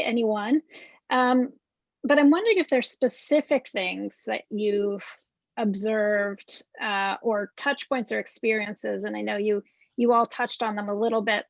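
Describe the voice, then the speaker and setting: A woman's voice: on the high side, creaky, dry recording. A woman moderating a panel on a video call, inviting questions in a friendly, loose way. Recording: dry, dull video call audio.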